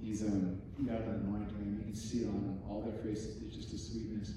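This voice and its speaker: A man in his forties preaching a sermon, telling family stories in a conversational way, dropping to soft, emotional tones. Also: fairly low pitch, flat delivery, a little fast, background noise. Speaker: pastor. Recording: echoey hall from far off.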